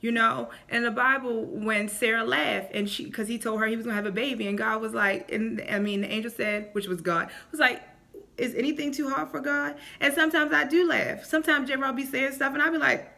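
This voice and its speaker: Bright-voiced woman giving faith advice. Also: a little high, fairly quick, creaky, hardly any pauses. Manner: animated, acts out quotes in voices. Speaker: faith vlogger. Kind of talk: casual faith talk to camera.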